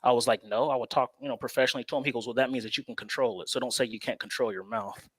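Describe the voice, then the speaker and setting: A man's voice: mid-range voice, fairly even intonation, racing, a bit bright, slightly rough, dry recording. A man co-hosting a casual sports chat, telling a personal story at an easy pace and laughing often. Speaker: co-host.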